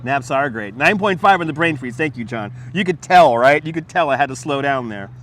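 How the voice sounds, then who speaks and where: A man with an expressive, brisk, mid-range voice that's a bit bright hosts a casual livestream as he walks a city waterfront outdoors. Talking into a wireless lapel mic, he rambles, laughs and swears while replying to his chat.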